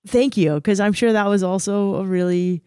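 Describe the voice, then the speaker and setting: A woman's voice: medium pitch, moderate pace, mellow, smooth, dry recording, studio quality. A woman hosting a podcast interview, asking encouraging questions. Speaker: podcast host. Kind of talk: interview conversation.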